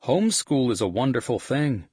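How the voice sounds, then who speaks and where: A man's voice: medium pitch, big pitch swings, normal speed, darkish tone, husky, no echo, clean studio sound, voice pushed up. A man voicing a goofy young male bandmate with a Texan accent, drawling and playfully crude, in an audiobook. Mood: cheerful. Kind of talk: audiobook character voice.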